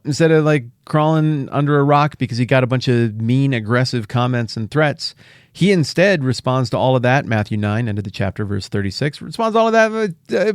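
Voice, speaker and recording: A middle-aged man hosting a podcast, teaching the Bible in a casual, animated way with jokey asides and playful paraphrases. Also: medium pitch, dry recording, studio quality.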